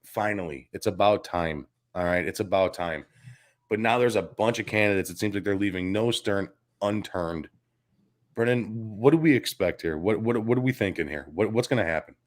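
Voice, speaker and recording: Loud, swearing man with a South Side Chicago accent. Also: lowish voice, moderate pace. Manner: loud, excitable and profane. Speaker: sports show host. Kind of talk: casual sports talk.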